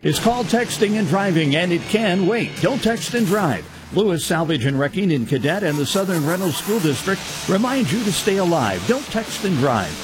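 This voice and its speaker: A man's voice: sits high, sing-song, moderate pace, few pauses. A man reading a public service announcement in a plain, earnest way. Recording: music bed behind voice.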